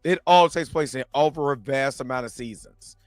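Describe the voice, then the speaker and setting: A man's voice: medium pitch, normal speed, dry recording, faint music behind. An American man co-hosting a casual podcast, joking and laughing a lot as he banters. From United States. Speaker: podcast co-host.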